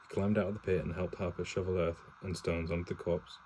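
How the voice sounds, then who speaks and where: Casual home reader, male, low warm voice, stumbling plain read-aloud with self-corrections and cursing asides, no character voices. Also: flat delivery, a little fast, a little hiss or hum, low-quality recording. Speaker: reader reading a novel aloud to his partner.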